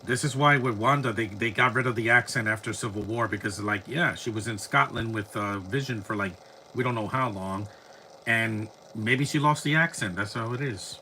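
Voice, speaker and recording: Bright-voiced man rambling over a movie. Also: on the low side, moderate pace, slight background noise. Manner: rambling, chatty, frequent restarts. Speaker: movie commentator. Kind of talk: casual live movie commentary.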